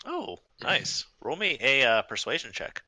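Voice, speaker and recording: A man narrating a tabletop game as game master, halting, with many fillers and restarts. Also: medium pitch, big pitch swings, bright, forceful tone, no echo, rough recording.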